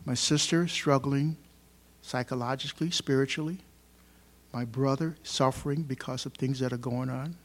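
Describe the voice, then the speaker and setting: A man preaching a sermon to his congregation in a church, emphatic and swinging between loud stresses and quiet asides. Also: mid-range voice, steady tone, normal speed. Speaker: pastor. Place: church hall.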